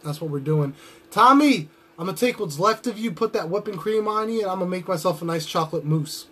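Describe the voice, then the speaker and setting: High-voiced, cocky wrestler trash-talking. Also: male voice, a little fast, pushed and bright, husky. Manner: boastful, trash-talking swagger. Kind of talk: wrestling promo.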